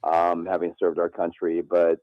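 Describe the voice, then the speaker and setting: A radio show guest in his sixties from Midland, Michigan, tells a boastful story in casual on-air chat, animatedly playing both sides of the conversation. His low voice is monotone at normal speed, and the lo-fi recording has no room sound.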